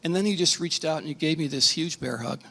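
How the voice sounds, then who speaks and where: A man's voice: fairly high pitch, quick pace, creaky, pushed and bright. A middle-aged pastor tells a personal testimony to a conference audience in a slightly raised voice. His speech is earnest and emotional, stumbling over restarts. The long reverb of a large hall trails after each phrase.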